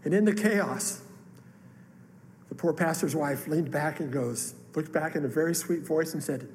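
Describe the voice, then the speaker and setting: A man's voice: fairly high pitch, measured pace, darkish tone, slight background noise. A man preaching a sermon, telling a personal story with earnest emotion. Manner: earnest, emotional testimony with rising outbursts. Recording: long hall reverb, faint room ambience.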